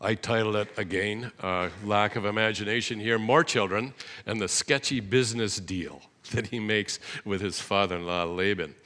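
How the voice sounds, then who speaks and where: Guy preaching in church, lowish voice, earnest, explains stuff and restarts a lot, long echo in the hall. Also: fairly even intonation, moderate pace, bright, forceful tone. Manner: earnest, explanatory, with self-corrections. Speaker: guest preacher. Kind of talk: sermon.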